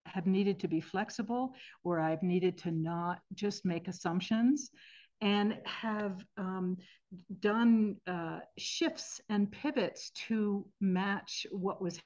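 A woman in her sixties, a podcast guest, telling stories about singing at the end of life in a thoughtful, earnest way with gentle restarts. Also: mid-range voice, slow. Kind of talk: reflective interview storytelling. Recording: slightly muffled podcast audio.

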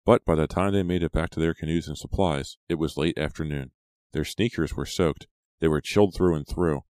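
A man narrating an audiobook in a steady, even storytelling manner. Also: extremely low pitch, no room sound, studio quality. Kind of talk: scripted narration.

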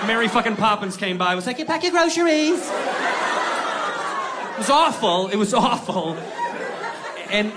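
A man doing a stand-up comedy set, telling a story and slipping into mimicked voices. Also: sits high. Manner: storytelling, mimics accents, animated. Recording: live club with crowd laughter and noise. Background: audience laughing.

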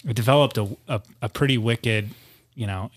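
A man's voice: medium pitch, normal speed. A man from the United States, a guest on a studio podcast, telling stories in casual chat with lots of restarts. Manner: rambling storyteller with many restarts.

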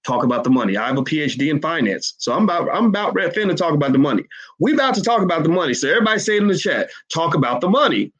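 A man's voice: on the high side, very animated, rapid-fire, a bit bright, low-quality recording. A man giving emphatic livestream commentary to his chat, hammering points with repeated rhetorical questions. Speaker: finance commentator.

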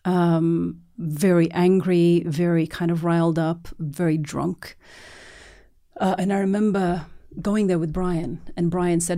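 A woman in an interview tells her story as a documentary filmmaker. Her voice is low and warm. She talks in lively bursts with frequent restarts and acts out the people she quotes. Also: moderate pace.

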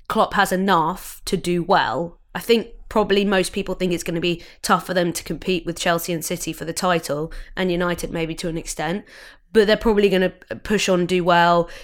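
A young woman co-hosting a football podcast, chatting casually with frequent restarts. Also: on the low side. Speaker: podcast co-host.

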